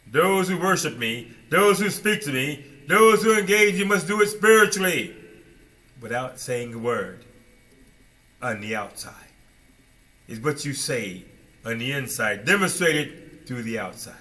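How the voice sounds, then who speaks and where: A man preaching a sermon with dramatic swings between loud bursts and low asides, and many rhetorical questions. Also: expressive, measured pace, long pauses.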